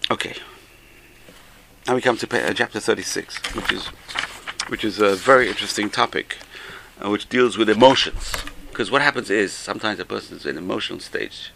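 A man's voice: lowish voice, a little fast, vocal fry, background noise. A man, teaching a Torah class, who repeats key phrases for emphasis and tells jokes along the way. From England.

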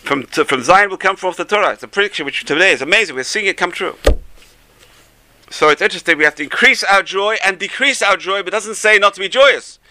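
A man, a rabbi, giving an animated Torah class, telling stories and mixing in Hebrew phrases. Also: high-pitched, quick pace.

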